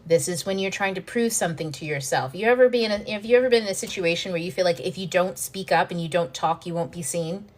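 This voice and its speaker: A woman hosting a self-help video, explaining ideas in a frank, animated way, swearing freely and acting out panicked inner voices. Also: fairly low pitch, quick pace, hardly any pauses. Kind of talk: casual teaching monologue to camera.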